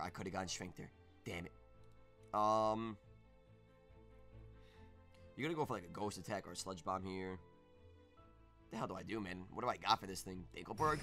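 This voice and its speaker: A young man streaming live gameplay, talking through his moves and breaking into shouts when things go his way. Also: lowish voice. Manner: excitable, bursts into shouts.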